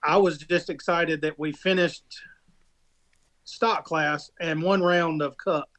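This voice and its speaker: This podcast co-host and rock racer has a slightly high, a bit bright voice with a steady tone and slow pace. His account of a race crash wanders, repeatedly restarting and filled with fillers.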